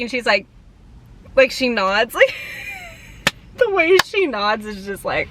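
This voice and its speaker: Young woman, casual vlog chat, bright tone, chatty filler-heavy delivery. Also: medium pitch, big pitch swings, slow, long pauses, slight background noise. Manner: chatty, giggly, lots of "like" and "um". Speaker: vlogger.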